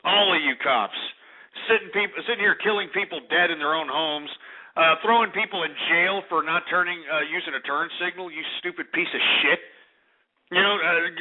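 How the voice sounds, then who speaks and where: A man hosting a call-in radio show, ranting brashly and insulting his callers. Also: high voice. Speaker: radio talk show host. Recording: narrow phone-like radio audio.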